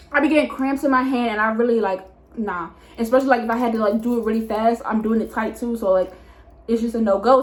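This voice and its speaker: A woman in her twenties, a hairstylist, telling a casual storytime vlog in a chatty, animated way with lots of fillers. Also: on the high side. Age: 20s. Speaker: hairstylist and vlogger. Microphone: camera mic.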